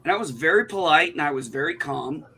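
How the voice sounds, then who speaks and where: A man rants about a bad store visit. His voice is bright and forceful, and a little higher than most men's. He is casual, indignant and profane. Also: animated, fast talker, slight background noise. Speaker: livestream co-host. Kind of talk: casual chat, telling a story.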